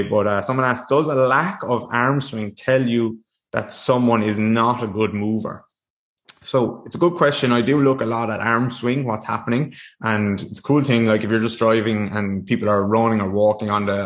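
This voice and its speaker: A man's voice: lowish voice, creaky. A man hosting a solo podcast, talking casually to a screen with frequent restarts and fillers. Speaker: podcast host. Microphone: desk mic facing a screen.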